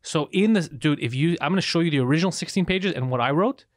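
A man telling stories in casual chat, profane and animated, acting out quotes. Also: a little high, quick pace, dry recording. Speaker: podcast co-host.

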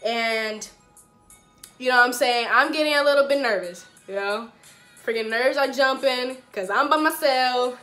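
Young woman, vlogger, slangy storytime, fairly high voice, faint music behind. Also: normal speed. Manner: animated, slangy, addresses viewers directly. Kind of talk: casual storytime.

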